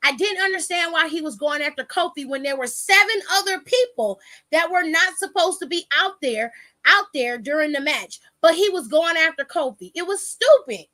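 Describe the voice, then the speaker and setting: A woman's voice: extremely high pitch, expressive, normal speed, bright, forceful tone. A woman hosting a podcast, casually retelling a match with quoted dialogue and some swearing. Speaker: podcast host. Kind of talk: casual wrestling recap.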